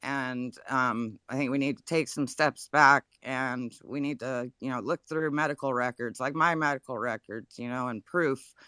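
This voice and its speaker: An upset woman gives halting, earnest testimony in a live audio room, close to tears and apologizing as she goes. Her voice is bright and sharp, recorded dry and close. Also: a bass voice, clean tone, dry recording. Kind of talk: emotional personal testimony.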